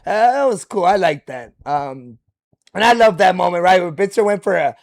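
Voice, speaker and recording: A man hosting a reaction video, commenting excitedly and casually, often restarting his sentences. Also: sits high, normal speed, creaky. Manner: excitable, lots of fillers and restarts.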